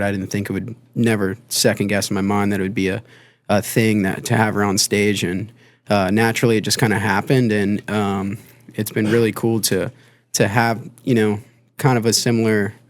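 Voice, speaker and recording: A man's voice: on the low side, dry recording. A man in a band, a guest on a podcast, talking casually and rambling with lots of fillers and restarts. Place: podcast studio.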